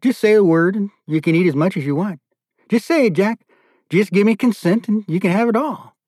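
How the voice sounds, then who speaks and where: A man voicing a sadistic male captor, with a coaxing, taunting, pitched-up delivery. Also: a little fast, a little mellow, no room sound, studio quality. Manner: taunting, coaxing, rising and shrill.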